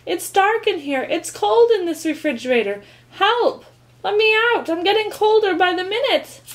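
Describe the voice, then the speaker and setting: A woman's voice: high voice, big pitch swings, moderate pace, voice pushed up. A woman voicing a small, earnest boy mouse in a read-aloud storybook, eager and anxious. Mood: panicked.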